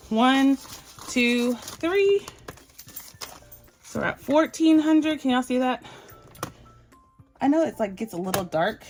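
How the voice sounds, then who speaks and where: A woman from Barbados chatting casually to her viewers while sorting and counting cash for her budget. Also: fairly high pitch. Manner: chatty and playful, addresses viewers as y'all. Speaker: budgeting vlogger.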